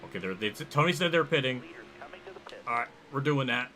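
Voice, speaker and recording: A young man livestreaming a racing game, rambling and thinking aloud as he reacts loudly to the action on track. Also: medium pitch, lively intonation, normal speed, faint music behind. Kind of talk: live gameplay commentary.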